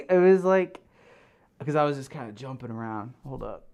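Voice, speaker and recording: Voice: medium pitch, lively intonation, fairly quick, a little mellow. Rambling, giggly streamer chatting through a fursuit, reading comments from the chat. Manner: rambling and giggly, full of fillers. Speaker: live streamer. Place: home streaming room.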